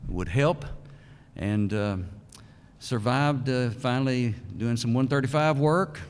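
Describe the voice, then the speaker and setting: An older man, giving a folksy, halting acceptance speech as a hall of fame inductee. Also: mid-range voice, clear, resonant tone. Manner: folksy, halting storyteller with many pauses. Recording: long reverb of a large hall.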